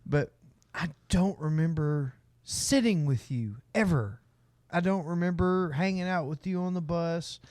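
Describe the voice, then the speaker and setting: A man's voice: fairly high pitch, a little slow, a little mellow, no echo. A man co-hosting a podcast, teasing and cracking jokes in casual banter. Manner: wisecracking, jumps in with jokes and teasing. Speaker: podcast co-host.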